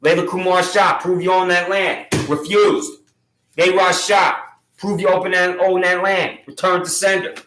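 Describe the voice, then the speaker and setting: A man's voice: sits high, monotone, normal speed, fairly bright tone, reverberant, slight background noise, poor audio. A man making an impassioned public complaint against local officials, accusatory, sarcastic and repetitive.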